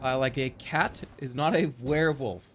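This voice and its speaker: A man in his forties, a live streamer, chatting casually to his audience and arguing a point in a rambling, animated way with lots of fillers and some swearing. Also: mid-range voice, normal speed, a little hiss or hum. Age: 40s.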